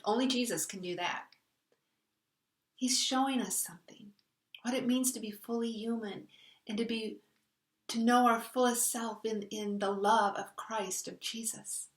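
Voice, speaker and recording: A woman's voice: on the high side, distant mic. A woman hosting a reflective spiritual talk. She speaks earnestly and conversationally. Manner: earnest, conversational, retells a story with voiced quotes. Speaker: host. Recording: echoey room, voice a bit off-mic.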